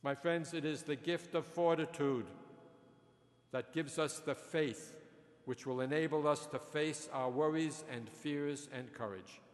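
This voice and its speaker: A priest preaches in a large church, his slightly high voice trailing off into a long reverb. He talks very slowly, spinning little stories and chuckling at his own punchlines. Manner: slow storytelling with jokes, chuckles at own punchlines. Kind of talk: sermon.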